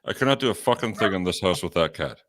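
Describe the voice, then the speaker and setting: A man co-hosting a radio show, telling animated, profane stories and laughing often. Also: deep voice, fast talker, crowd noise. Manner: animated storyteller, swears freely, laughs a lot. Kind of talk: casual profane chat.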